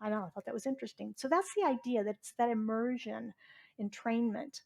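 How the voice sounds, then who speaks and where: A woman's voice: on the high side, fairly quick, vocal fry, mellow. A middle-aged woman from Southwest Virginia, preaching a chatty sermon as a reverend and asking the congregation questions. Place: church sanctuary.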